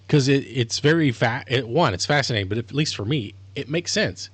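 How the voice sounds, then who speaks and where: A man's voice: medium pitch, lively intonation, a little fast, few pauses, slightly rough, dry recording. A man streaming live, talking casually in a rambling, self-correcting way as he explains things. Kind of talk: casual livestream monologue.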